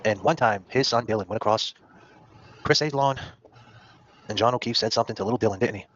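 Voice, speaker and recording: A man hosting a casual true-crime talk show, talking rapidly and acting out the people he quotes. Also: lowish voice, slight background noise. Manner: rapid, animated, acts out quoted people in put-on voices. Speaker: podcast host. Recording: dull, dry lo-fi stream audio.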